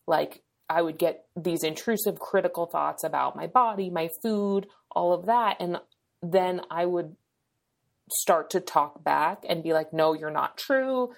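A woman in her thirties, a guest on a podcast, talking in a halting, reflective way with many fillers. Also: fairly low pitch, gravelly. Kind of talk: casual conversation.

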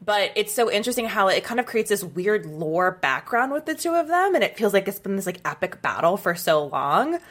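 A woman's voice: mid-range voice, big pitch swings, brisk, hardly any pauses, a bit bright. Musing woman podcast co-host. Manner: musing, many "like"s. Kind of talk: casual chat.

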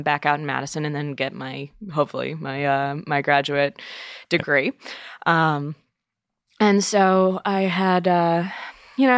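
A woman's voice: low-pitched, fairly bright tone, smooth, no echo, studio quality. A young adult woman from Massachusetts, telling her story in a casual interview, with lots of "you know" and "um". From Massachusetts, USA. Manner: chatty, full of fillers like "you know" and "um". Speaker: interview guest, wine buyer.

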